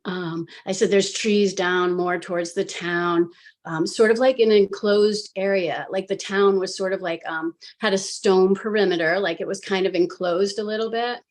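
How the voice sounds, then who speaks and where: Animated woman retelling a story. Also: mid-range voice, normal speed. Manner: animated, filler-heavy retelling with acted quotes of herself. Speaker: hypnosis practitioner recounting her own session. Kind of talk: casual storytelling on a live panel.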